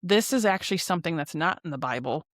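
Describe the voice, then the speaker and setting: A woman's voice: lowish voice, animated, fast, dry recording, clean studio sound. A woman hosting a podcast, chatty and casual, retelling scenes with lots of fillers. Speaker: podcast host. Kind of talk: casual episode recap.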